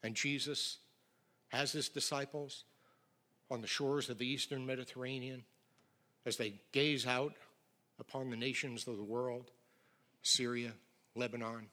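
A middle-aged male pastor preaching a sermon with emphatic swings from loud declarations to near whispers. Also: medium pitch, fairly even intonation, measured pace, long pauses.

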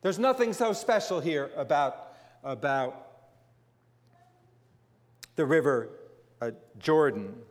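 A man's voice: fairly high pitch, animated, takes it slowly, long pauses. A man from northern New Jersey giving a sermon, reading scripture and adding conversational asides. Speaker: preacher. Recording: long reverb of a large hall.

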